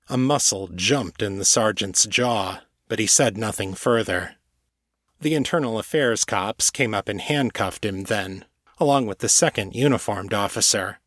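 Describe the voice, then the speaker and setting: A man narrating a novel chapter in scripted audiobook style, with a measured, even delivery. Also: on the low side, no echo, studio quality.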